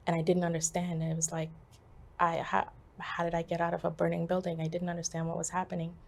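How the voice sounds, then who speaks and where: A woman telling a personal story as an interview guest, halting and full of pauses and fillers. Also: on the low side, completely flat delivery, vocal fry. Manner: halting, with many fillers and restarts.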